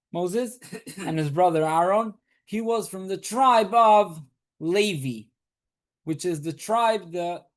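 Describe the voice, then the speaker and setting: This high-pitched man is a rabbi giving a weekly Torah lesson to a small group. Patient in his explanations, he goes back over key points, asks rhetorical questions, and puts questions to his students directly.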